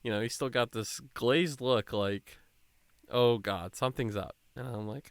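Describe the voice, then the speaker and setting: A man's voice: mid-range voice, unhurried, clean tone, dry recording. A young man from hosting a podcast, telling a long rambling story in casual chat and acting out the people in it. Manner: rambling, animated, acts out quoted people. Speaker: podcast host.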